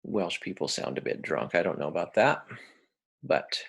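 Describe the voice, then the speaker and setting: A middle-aged American man lecturing, hesitant and unhurried, with frequent pauses. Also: low-pitched, animated, vocal fry, a bit bright, husky. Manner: hesitant, many fillers and restarts, explains with a metaphor.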